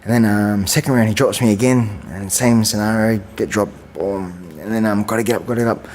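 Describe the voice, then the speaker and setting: A man in his forties tells long stories in a relaxed interview. He rambles through fillers and restarts and acts out what others said. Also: lowish voice, brisk, long reverb tail, a little hiss or hum. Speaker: guest, champion kickboxer. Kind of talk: casual storytelling interview.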